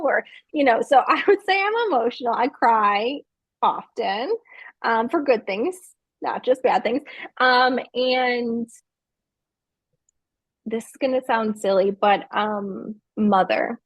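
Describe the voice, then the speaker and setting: A woman's voice: on the high side, measured pace, breathy edge, no echo. A woman in her thirties, a guest author in a casual interview over a video call, telling self-deprecating stories with frequent laughter. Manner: giggly, self-deprecating, animated storytelling.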